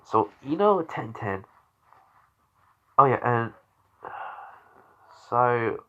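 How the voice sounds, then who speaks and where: A man's voice: mid-range voice, animated, very slow, narrow, tinny audio. A tired young man improvising fan-fiction narration in a rambling way, sighing often. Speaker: fan storyteller.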